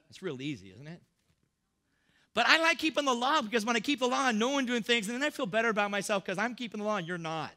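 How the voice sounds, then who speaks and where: A man preaching in a church in a loose, joking way, as if chatting with his listeners. His voice sits high and carries a bright, forceful edge. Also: expressive. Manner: humorous, conversational preaching, acts out Bible characters in quick voices. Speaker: pastor. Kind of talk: sermon.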